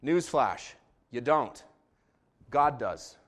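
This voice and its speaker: A man preaching a sermon as pastor, joking and animated, moving between calm asides and loud bursts. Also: mid-range voice, extremely slow.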